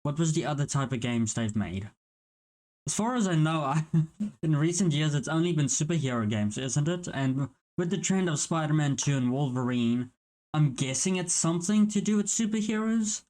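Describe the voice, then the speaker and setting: Guy doing a reaction vid, kinda high voice, rambly and swears a bit. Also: expressive, moderate pace, a little mellow. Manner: chatty, rambling, swears casually. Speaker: reaction channel host. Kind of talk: casual reaction commentary.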